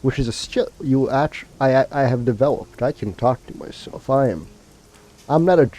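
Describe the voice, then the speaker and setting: A man's voice: mid-range voice, moderate pace, mellow. A man streaming a video game, chatting casually to his viewers and rambling with fillers and restarts. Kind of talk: casual let's-play commentary.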